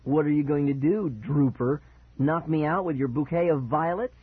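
A man's voice: a little high, moderate pace, slightly rough, no echo. A man voicing a bratty, mocking boy who loves pranking his brother, over a tinny, dry line. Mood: taunting. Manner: mocking, giggling, taunting. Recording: dry, tinny phone-like sound.

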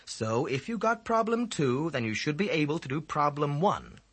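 A man with a husky voice playing a firm, patient woman teacher in a classroom. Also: on the high side, sing-song, moderate pace, a bit bright, voice pushed up, full character voice. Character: patient, firm female schoolteacher.

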